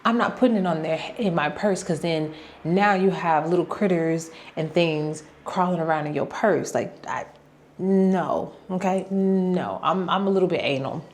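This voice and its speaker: A young woman vlogger telling a story in a chatty, animated way, acting out quoted lines as she goes. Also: fairly low pitch, moderate pace, slight background noise. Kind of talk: casual storytime vlog.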